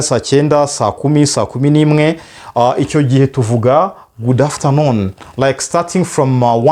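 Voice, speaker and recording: A man's voice: medium pitch, a little mellow. A man with a Rwandan accent teaching an English lesson, switching between two languages and repeating phrases for students to drill.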